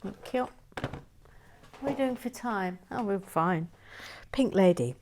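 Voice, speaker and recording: A woman chatting casually while building and reading viewer comments, often slipping into soft whispers. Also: mid-range voice, animated, a little slow, long pauses. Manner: chatty, self-mocking, drops into soft whispers. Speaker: Lego building vlogger.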